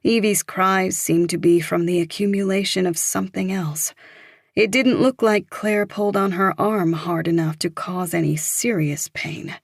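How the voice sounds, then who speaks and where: A woman narrating a thriller audiobook in a measured, even storytelling manner. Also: lowish voice, vocal fry, no room sound, studio quality.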